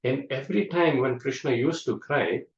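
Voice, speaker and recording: A man teaching a scripture class, explaining slowly with many fillers. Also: mid-range voice. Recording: echoey room, dull lo-fi sound.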